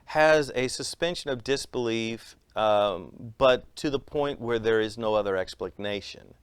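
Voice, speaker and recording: A man tells stories as an interview guest, throwing his voice up high to act out the people in them. His tone is smooth and resonant, and the recording is dry and close with no room sound. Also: a little slow, dry recording. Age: adult with a young son. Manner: lively storyteller acting out quotes in raised voices. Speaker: comedian and magician guest. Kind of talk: animated interview storytelling.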